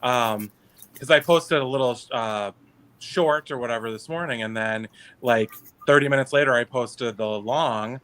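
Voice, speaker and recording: A man's voice: medium pitch, a little slow, fairly bright tone. A man chatting casually on a livestream, hesitant and laid-back. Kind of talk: casual chat. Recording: faint background noise.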